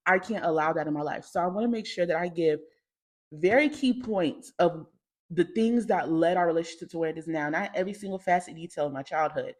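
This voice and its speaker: A young woman hosting a podcast, telling a candid personal story in slangy, animated speech that jumps into loud acted-out quotes. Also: fairly low pitch. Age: young adult. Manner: animated, slangy, swings into loud shouting impressions. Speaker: podcast host.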